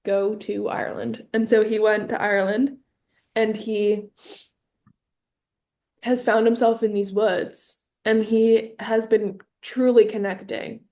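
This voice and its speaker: A woman's voice: a little high, level tone, takes it slowly, warm tone. A young woman co-hosting a casual podcast, spinning absurd stories with playful mock seriousness. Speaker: podcast co-host. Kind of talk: casual comedic chat.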